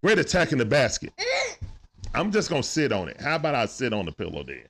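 Over a little hiss or hum, a man talks fast in a medium pitch, offering casual play-by-play of a basketball game on a live stream. Animated throughout, he greets chat viewers between plays and speaks aside to his son.

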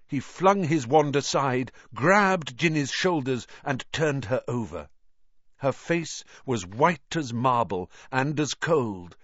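A man's voice: mid-range voice, fairly bright tone, no echo, lo-fi sound. A man narrating a fantasy storybook expressively and dramatically. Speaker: audiobook reader.

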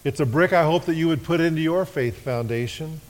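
A man preaching a sermon, leading his congregation in call-and-response and slowing to a hush on key phrases. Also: fairly high pitch. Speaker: pastor. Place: church sanctuary. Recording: echoey worship hall.

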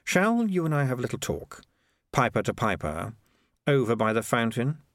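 A man's voice: medium pitch, big pitch swings, normal speed, no echo. Brief: sly swaggering piper, read by a man, conspiratorial, close dry mic. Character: sly swaggering male rat piper, cynical.

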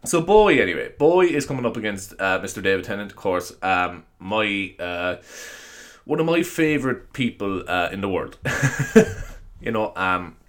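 Here the young Irish podcast host talks at normal speed in a lowish, very animated voice. Tired and rambling, he chats alone in a self-mocking manner, laughing frequently.

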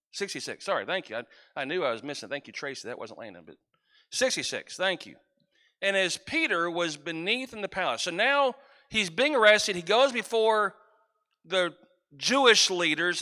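A man's voice: on the high side, sharp tone. A man preaching as a pastor, reading scripture and praying in a conversational way, now and then losing his place and asking the congregation for help. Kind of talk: sermon with scripture reading and prayer. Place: church sanctuary.

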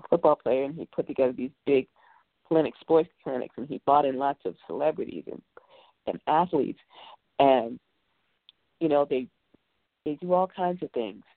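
A woman's voice: low-pitched, no echo. Earnest woman host on a tinny line. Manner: earnest, rambling storytelling with many fillers. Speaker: talk show host. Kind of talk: casual call-in radio talk. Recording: tinny phone-line sound.

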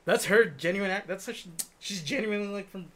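A man's voice: sits high, brisk, a bit bright, slight background noise. A young man in casual chat, laid-back and mostly giving short replies.

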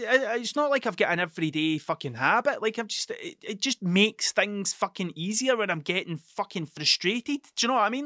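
A man's voice: high voice, expressive, fairly quick, hardly any pauses, bright, forceful tone, no room sound, clean studio sound. A man hosting a podcast, telling rambling stories in casual chat, swearing constantly and restarting his sentences as he digresses. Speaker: podcast host.

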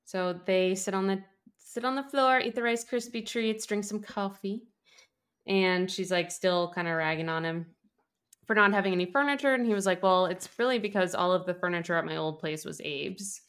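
A woman's voice: medium pitch, moderate pace, a bit bright, smooth. A woman co-hosting a podcast, casually recapping a book chapter in chatty talk full of "like" and "basically". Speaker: podcast co-host. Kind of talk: casual book-club chat.

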